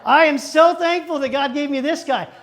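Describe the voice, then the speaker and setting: A male pastor telling a lively personal story from the pulpit, acting out the dialogue and turning to the congregation with quick asides. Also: very high-pitched. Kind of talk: storytelling sermon. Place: church stage.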